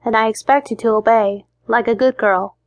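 A stern adoptive father in an audiobook, firm and lecturing as he sets down the rules, put on by a woman reading the story. The voice stays fairly high and is recorded close and dry, with no room around it. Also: steady tone, normal speed, dry recording, natural voice.

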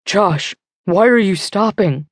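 A woman's voice: medium pitch, expressive, takes it slowly, no room sound, clean studio sound. A desperate teenage boy from an audiobook thriller, his voice strained and going uneven as he pleads, as a woman narrator puts him on. Slightly raised and pushed. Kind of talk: audiobook character voice.

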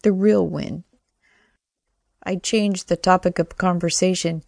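A woman's voice: lowish voice, fairly even intonation, a little slow, vocal fry, a little mellow, no room sound, studio quality. A woman reading a first-person audiobook narration in a wry, sardonic manner.

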